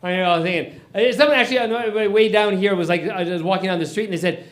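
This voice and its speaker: A man's voice: high-pitched, racing. A man doing a crude stand-up set at an open mic, stumbling and rambling between jokes. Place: small comedy venue.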